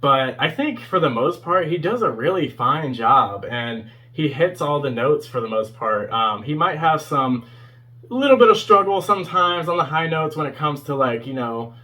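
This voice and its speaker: A man's voice: a little high, animated, moderate pace, bright, forceful tone. A man in his twenties giving a casual, rambling spoken review as a fan video host, with many fillers and small chuckles. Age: 20s.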